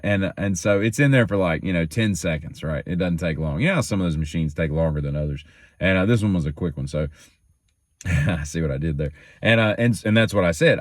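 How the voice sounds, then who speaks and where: A man's voice: low-pitched, no room sound, studio quality. A man hosting his own daily show, telling rambling stories in a casual, joking, self-teasing way that wanders off topic.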